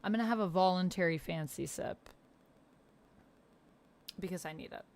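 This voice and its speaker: A woman streamer chatting casually with her viewers. She rambles, reads chat aloud, laughs often and jumps high in pitch when she is surprised. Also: animated, normal speed, vocal fry, a little mellow. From Canada.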